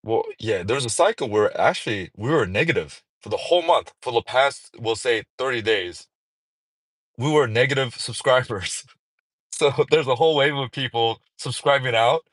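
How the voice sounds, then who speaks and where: A man's voice: moderate pace, fairly bright tone, dry recording. A man chatting casually on a livestream while out at a mall, rambling, joking and swearing freely. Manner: rambling, playful, swears freely, sudden singing and high-pitched bits. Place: outdoors at a mall parking area.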